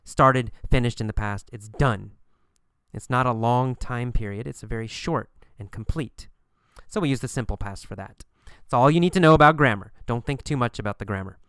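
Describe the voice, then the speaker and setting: Smooth-voiced man teaching English. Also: medium pitch, fairly bright tone, dry recording, clean studio sound. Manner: slow, repetitive, encouraging. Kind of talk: recorded language lesson.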